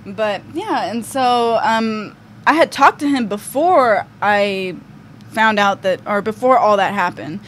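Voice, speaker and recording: A woman's voice: mid-range voice, takes it slowly, fairly bright tone. A young woman guest on a podcast, telling a story casually with lots of "like" and "um". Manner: chatty, full of fillers like "like" and "um". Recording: faint background noise.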